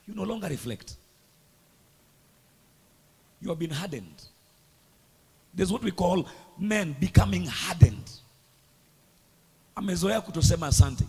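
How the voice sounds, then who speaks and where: A man preaching a sermon, dramatic and emphatic, swinging between hushed and loud lines. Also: high-pitched, husky. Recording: echoey hall with long reverb.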